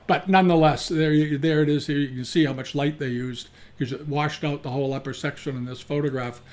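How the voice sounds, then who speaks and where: A man's voice: on the high side, fairly even intonation, fairly quick, a little mellow. A man giving casual, opinionated commentary on antiques auctions, talking frankly and often restarting his sentences.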